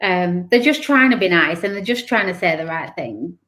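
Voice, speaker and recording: A woman's voice: fairly low pitch, lively intonation, moderate pace, fairly bright tone. A woman telling her own story as an interview guest. She speaks candidly and with emotion, acting out the things people said to her. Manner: candid, emotional, acts out remembered dialogue. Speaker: guest author.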